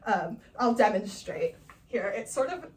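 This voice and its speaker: A young woman from Northern California telling a funny personal story, animated and laughing often as she acts out the people in it. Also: mid-range voice, measured pace, distant mic, slight background noise. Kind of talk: personal storytelling, class assignment.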